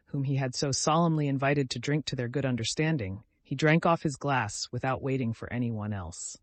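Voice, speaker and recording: Casual: guy reading a classic audiobook, super expressive, dead dry sound. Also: medium pitch, no echo. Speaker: audiobook narrator. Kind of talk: scripted audiobook narration.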